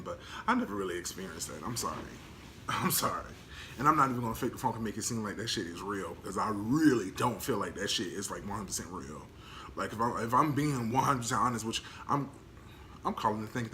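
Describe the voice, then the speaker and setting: A man's voice: fairly low pitch, animated, brisk, sharp tone, a little hiss or hum. Blunt, slangy man vlogging. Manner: blunt, candid, slangy, laughs often. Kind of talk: casual monologue to camera.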